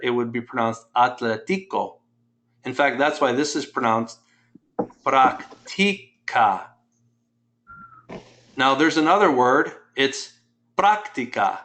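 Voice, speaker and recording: A man's voice: mid-range voice, bright, forceful tone. A man teaching a Spanish class, patiently explaining grammar step by step and quizzing his students.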